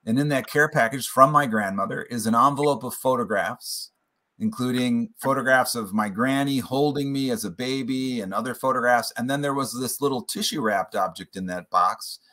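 A man guest on an interview podcast, telling a personal family story in an earnest, reflective way that slows on emotional points. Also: medium pitch, bright, forceful tone. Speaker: podcast guest, playwright and author.

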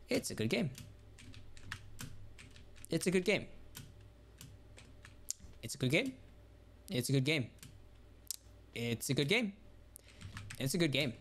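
A woman streamer giving casual commentary over her gameplay, talking to herself and swearing and yelling when she gets frustrated. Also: low-pitched, very animated, takes it slowly, pauses often, slight background noise. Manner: talks to herself while playing. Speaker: gaming streamer.

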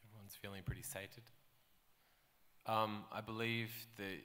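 Brief: male panel moderator, dry joking, deep bright voice, hall reverb. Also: little pitch movement, a little slow.

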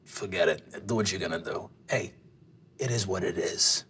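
A performer voicing a blunt, profane older man in a tabletop game, low and dismissive. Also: moderate pace, fairly bright tone, slight background noise. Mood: weary. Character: gruff older man, profane, short-tempered shopper.

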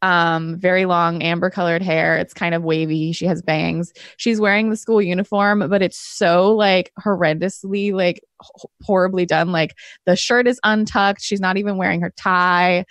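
A woman's voice: fairly low pitch, steady tone, moderate pace, no echo. A woman playing a tabletop game, describing her character in a rambling way with many fillers. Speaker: player.

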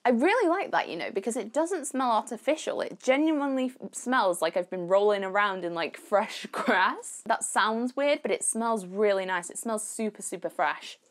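An excitable woman vlogger talks her way through a beauty unboxing, gushing and chatty. Her voice sits at an ordinary middle pitch for a woman. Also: normal speed, hardly any pauses. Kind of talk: unboxing vlog chat.

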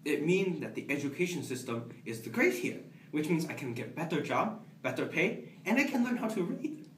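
A young man playing a humble, hopeful job applicant who speaks in simple, halting phrases in an amateur comedy sketch. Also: on the high side, big pitch swings. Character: humble, hopeful male applicant Mister Yoon. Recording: roomy, distant, faint background noise.

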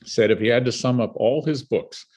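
A man's voice: medium pitch, moderate pace, breathy edge. An older man from Canada, a filmmaker, telling stories as a guest and acting out the people he quotes. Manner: animated storyteller who acts out the people he quotes. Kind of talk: storytelling in a conversational interview.

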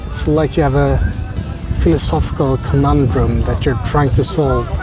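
A playful travel vlogger strolls through a zoo outdoors, narrating in a casual voice. The speaker cracks jokes and chats to the animals along the way. Music plays clearly behind the voice throughout. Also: medium pitch. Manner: playful, jokey asides, chatting to animals.

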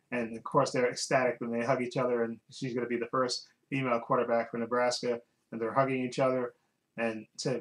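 A man's voice: medium pitch, pushed and bright, poor audio. A man casually recapping a TV episode as a reviewer, rambling and often restarting while he searches for words.

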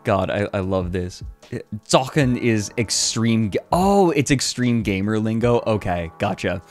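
Playful American man streaming, lively. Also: fairly low pitch, unhurried, faint music behind. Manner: laughs a lot, playful, lively. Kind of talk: casual livestream chat.

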